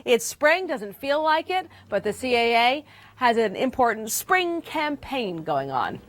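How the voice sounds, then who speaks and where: A woman news anchor reading brisk, friendly studio links. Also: a little high, very animated, a little hiss or hum.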